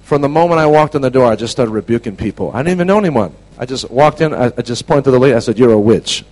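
A man preaching a storytelling sermon to a class, animated, dropping to a hush and then shouting. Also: mid-range voice, rapid-fire, rough recording. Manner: animated, swings from hushed to shouting.

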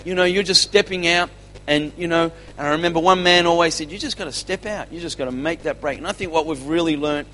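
Bright-voiced man telling an animated testimony. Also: a little high, quick pace. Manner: animated storytelling, acting out dialogue. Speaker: church conference speaker. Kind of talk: testimony sharing.

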